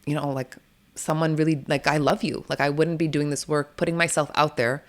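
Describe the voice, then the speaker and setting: Low-voiced and fairly quick, this woman is a doula being interviewed. She talks animatedly and frankly, dropping casual swears and breaking into laughter between points.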